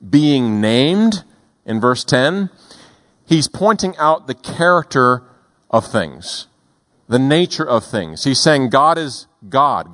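A male pastor preaching a sermon in a deliberate, emphatic way, slowing down on key words. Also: medium pitch, fairly bright tone.

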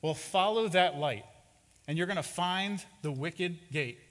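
A man voicing a kindly, cheerful male guide who gently questions and directs a lost traveler in a sermon story. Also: sits high, unhurried. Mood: directive. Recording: reverberant hall.

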